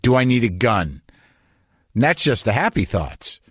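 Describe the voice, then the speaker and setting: A middle-aged man hosts his podcast from a home studio and spins anxious, rambling tangents with profane, deadpan humor. His voice sits at a middle pitch, and the dry, close sound carries no room echo. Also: a little slow. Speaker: podcast host. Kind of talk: comic monologue and interview.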